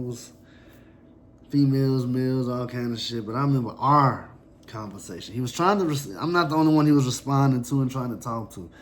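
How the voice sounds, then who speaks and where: A man telling a personal story in a somber, reflective, halting way. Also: mid-range voice, a little hiss or hum.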